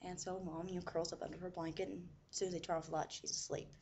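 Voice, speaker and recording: A woman's voice: lowish voice, flat delivery, fast, vocal fry, darkish tone, slight background noise. Chatty woman telling a story. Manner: chatty, full of "you know" asides. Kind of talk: casual spoken storytelling.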